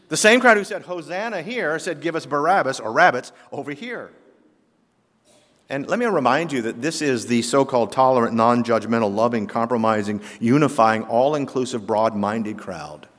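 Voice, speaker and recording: A male pastor delivers a sermon with emphatic, rhetorical phrasing, rising loud and dropping soft. His voice sits at a middle pitch. The sound carries the long reverb of a large church sanctuary. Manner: emphatic preacher with rhetorical questions and swings in loudness.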